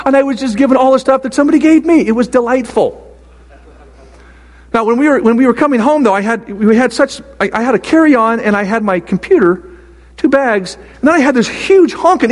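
An older man preaching a sermon in a high-pitched voice, full of stories and halting restarts. His voice rings with a long reverb, as if it carries through a church sanctuary. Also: lively intonation. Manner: storytelling, halting with many restarts. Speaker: pastor.

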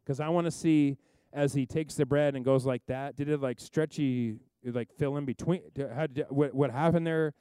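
A man preaching a sermon, telling a story with lively asides and acting out the people in it. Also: mid-range voice, normal speed, few pauses, smooth, dry recording. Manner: animated storytelling, acts out characters, rambling asides. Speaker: pastor.

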